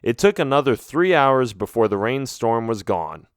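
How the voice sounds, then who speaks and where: A man narrating a children's audiobook in an expressive, first-person storytelling manner. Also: mid-range voice, normal speed, dry recording, clean studio sound.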